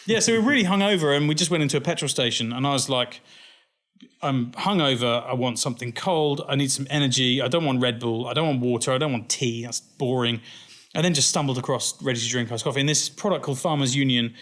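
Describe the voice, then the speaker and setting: Speaking quickly in a mid-range voice, this man from England is a company founder telling stories in a relaxed interview. He laughs a lot and animatedly impersonates the people he quotes.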